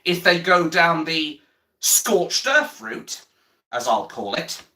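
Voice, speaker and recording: A man's voice: on the high side, big pitch swings, slow, bright, forceful tone. A man on a livestream, ranting bluntly about politics with plenty of swearing and repetition, stopping to answer viewer chat. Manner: blunt, heavy swearing, repeats himself.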